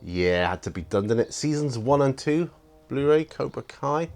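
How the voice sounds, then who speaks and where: A man's voice: mid-range voice, animated, normal speed, gravelly, a little mellow, faint music behind. A man, chatting enthusiastically and ramblingly with many fillers in a casual unboxing vlog. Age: 50s. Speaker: hobby vlogger.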